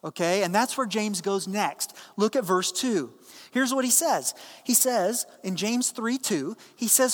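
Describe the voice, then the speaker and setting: A man's voice: sits high, animated, measured pace. Man preaching a sermon in a reverberant hall. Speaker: pastor.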